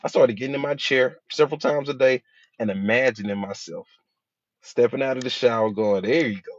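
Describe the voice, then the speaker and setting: Speaking as a hypnotherapist, a man with a mid-pitched voice gives a brisk, casual motivational talk driven by stories and packed with acted-out quotes. The recording is dry and close with no echo, and its tone is slightly dull and lo-fi.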